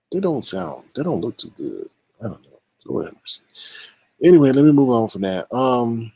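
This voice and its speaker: A man's voice: fairly low pitch, a little mellow, no echo. A man hosting a live stream, giving casual and exasperated commentary on online drama straight to his viewers.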